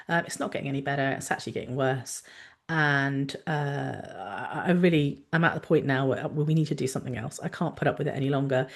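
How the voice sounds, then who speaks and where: A woman speaking as a worn-out mother and teacher who hesitantly but firmly asks a doctor for help. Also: low-pitched. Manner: hesitant, quietly insistent. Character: weary mother and teacher, patient pressing doctor.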